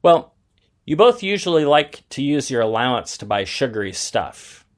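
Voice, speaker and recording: A man's voice: medium pitch, big pitch swings, normal speed, lightly acted. A man reading aloud and voicing a patient, fair mother explaining things to her sons in a children's story.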